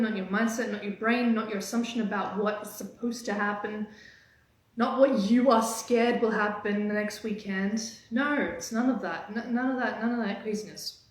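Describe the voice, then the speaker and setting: The recording, made in a very echoey space, features a woman dating coach on a live stream whose motivational talk is energetic and teasing, with pitch that changes quickly.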